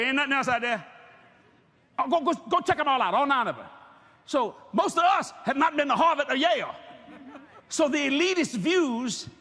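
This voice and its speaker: A man preaching, his voice sitting very high and ringing bright. He tells his stories in a lively, swooping sing-song, joking with the congregation and shouting out the points he wants to land. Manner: animated, joking, bursts into shouted emphasis. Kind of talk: sermon with storytelling.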